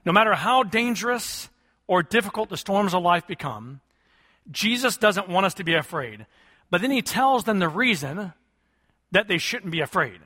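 A man's voice: sits high, animated, moderate pace, pushed and bright, husky, big-room sound. A man preaching a sermon, questioning his congregation and calling for answers. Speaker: pastor.

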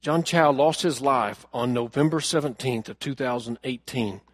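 A man preaching a sermon, telling a story earnestly and asking the congregation questions, moving from loud emphasis to hushed lines. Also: medium pitch, normal speed, breathy edge, no echo, clean studio sound. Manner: addresses the congregation directly with questions. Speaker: pastor.

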